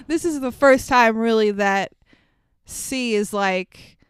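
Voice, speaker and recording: A woman's voice: fairly high pitch, takes it slowly, smooth, no room sound, clean studio sound. A woman in casual conversation about a film, chatty and opinionated, who laughs often. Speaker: podcast co-host. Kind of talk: casual movie recap chat.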